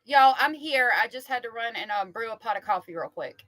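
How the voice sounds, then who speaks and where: A woman with a bright, forceful voice co-hosts a live stream. She chats casually and reads viewer comments aloud, recorded dry and close to the mic. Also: a little high, lively intonation, brisk, no echo. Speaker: co-host reading viewer chat.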